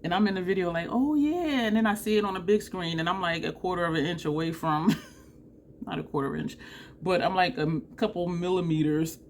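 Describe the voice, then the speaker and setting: A woman from New Jersey chatting casually through a makeup tutorial, animated and laughing often. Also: lowish voice, a little fast, slight background noise. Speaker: beauty vlogger.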